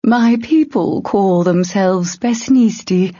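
A woman voicing a calm, educated female ogre whose speech is muffled by tusks. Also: mid-range voice, slow, no room sound.

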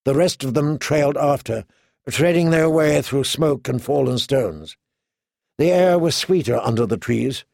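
A male audiobook narrator reading slowly in a measured, even way. His voice has a gravelly texture. The sound is dry and close, without room sound. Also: mid-range voice, dry recording.

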